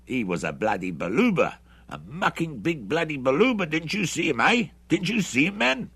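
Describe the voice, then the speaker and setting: A man voicing a brash, trigger-happy male mercenary who talks loud and hoarse with excited swagger. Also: a little high, normal speed, no room sound, voice pushed up, full character voice. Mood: boastful excited.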